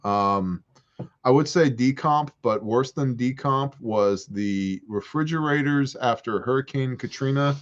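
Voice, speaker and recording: Guy hosting a porch livestream q&a, jokey and animated, kinda dull lo-fi sound. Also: medium pitch, unhurried. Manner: joking, animated storyteller. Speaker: host. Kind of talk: livestream Q&A chat.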